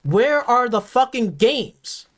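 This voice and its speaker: A man's voice: very high-pitched, sing-song, slow, a bit bright. A man hosting a gaming stream, delivering an angry, profanity-heavy reaction rant full of repetition. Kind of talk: ranting reaction commentary.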